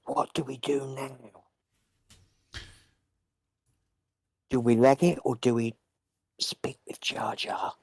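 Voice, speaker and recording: A man voicing his adventurer in whispered role-play, speaking so low it is almost mouthed. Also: moderate pace, a little mellow, no room sound, natural voice. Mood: urgent. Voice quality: barely voiced, almost mouthed. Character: adult male adventurer whispering warily. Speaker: player.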